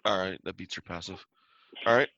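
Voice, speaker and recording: A man's voice: sits low, brisk, pushed and bright, no room sound, muffled recording. A man narrating a tabletop game as game master, describing scenes in a loose style with restarts.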